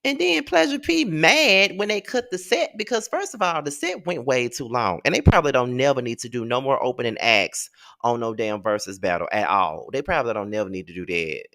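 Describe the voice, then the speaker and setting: A man's voice: animated, fairly quick, gravelly, bright, forceful tone. A man ranting in a profane, exasperated video review, firing off rhetorical questions. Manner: rhetorical questions, jumps high in pitch. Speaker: YouTube reviewer.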